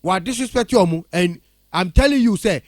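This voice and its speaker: A man's voice: high voice, fast talker, no room sound, studio quality. Indignant Ghanaian man on radio. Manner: animated, indignant, mixes English and Twi, mimics speech. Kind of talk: heated radio talk.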